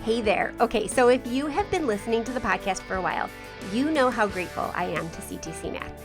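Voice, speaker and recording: A woman's voice: fairly high pitch, lively intonation, quick pace. A woman podcast host talking in a chatty, enthusiastic way. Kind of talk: podcast ad read and talk. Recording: music bed behind voice.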